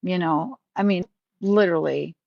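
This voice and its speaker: A woman's voice: lowish voice, moderate pace, creaky, no echo. Candid, rambling woman on a lo-fi stream. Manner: rambling, candid, profane, with many restarts. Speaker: live stream host. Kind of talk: casual live-stream chat.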